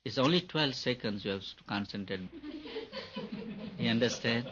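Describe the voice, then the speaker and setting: A man giving a gentle, repetitive spiritual talk on meditation to an audience. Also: medium pitch, expressive, moderate pace, long pauses. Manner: gentle, repetitive, chuckles often. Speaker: meditation teacher. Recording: dull lo-fi recording.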